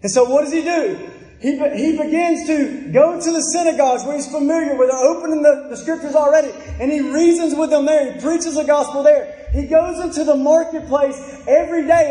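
Male preacher, very high mellow voice, sermon, echoey church hall. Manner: earnest, repeats key phrases for emphasis. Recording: echoey hall with long reverb.

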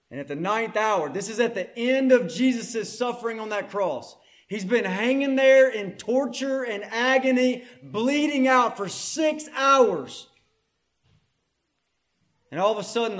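A man preaching a sermon, moving between hushed scripture reading and loud, impassioned proclamation. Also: sits high.

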